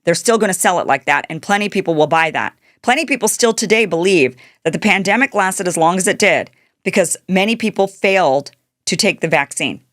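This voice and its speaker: A woman's voice: lowish voice, lively intonation, brisk, a bit bright, no echo, clean studio sound. A middle-aged woman hosting a political commentary show, talking in a sarcastic monologue and mocking the people she quotes. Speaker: show host.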